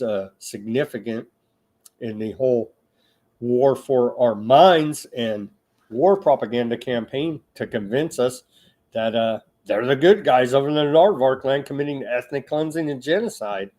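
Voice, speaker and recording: A man hosting an online news show, reading reports aloud with halting asides, now and then rising into loud appeals to his listeners. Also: medium pitch. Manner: slow, halting delivery with asides and restarts; grows loud and emphatic when addressing listeners.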